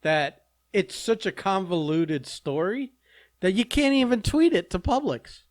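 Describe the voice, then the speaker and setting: A man's voice: sits high, a little slow. A man co-hosting a podcast, chiming in with wry, joking banter in casual chat. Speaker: podcast co-host.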